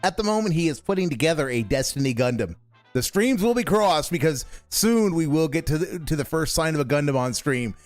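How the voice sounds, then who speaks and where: Streamer guy laughing at some video, mocking it, lively voice, dead dry mic. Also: a little high, fairly quick, no echo, soft background music. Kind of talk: reaction commentary.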